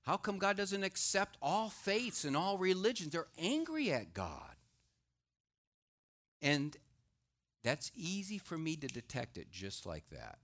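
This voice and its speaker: A middle-aged man, a pastor, preaching a sermon in a lively way and acting out the voices he quotes. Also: high-pitched, takes it slowly. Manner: animated, acts out quoted voices.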